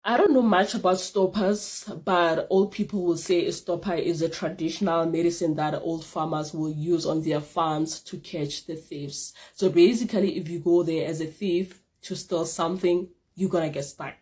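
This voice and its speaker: A young woman vlogger telling a casual storytime tale, animated and repeating phrases for emphasis. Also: lowish voice, moderate pace, few pauses.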